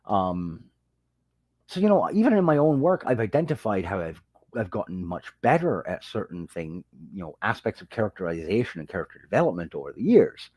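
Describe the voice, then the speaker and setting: A man hosting a casual livestream, telling a story in a lively way and greeting viewers as they join. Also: brisk, husky, no room sound. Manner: animated storytelling, jumps high when quoting people. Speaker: livestream host and fantasy author. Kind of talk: casual rambling livestream chat.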